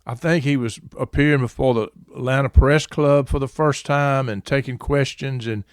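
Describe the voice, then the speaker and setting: A man hosting an interview, asking questions and warmly affirming his guest's points. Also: mid-range voice, fairly even intonation, moderate pace, clean tone, no echo, studio quality. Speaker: podcast host.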